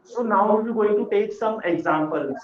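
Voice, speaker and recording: A man teaching a beginners' French lesson, patient and repeating words slowly for learners. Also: sits high, a little hiss or hum. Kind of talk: classroom lesson explanation. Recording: echoey room, dull lo-fi sound.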